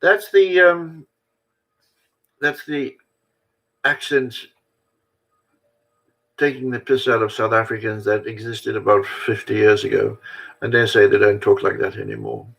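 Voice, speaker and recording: A man's voice: fairly low pitch, steady tone, moderate pace, vocal fry, long pauses, fairly bright tone, slightly rough, low-quality recording. Rambling older man vlogging to camera. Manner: self-mocking, chatty, digressive. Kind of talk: rambling casual monologue.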